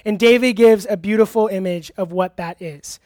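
A youth pastor delivers a casual, interactive sermon in a church hall, quizzing the audience and laughing easily, with plenty of fillers. His voice is medium in pitch and somewhat dark, at a moderate pace, recorded with clean studio sound.

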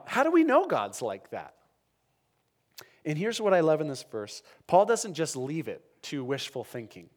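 A man preaching a sermon as pastor, earnest and dynamic, often dropping to soft, emphatic lows.

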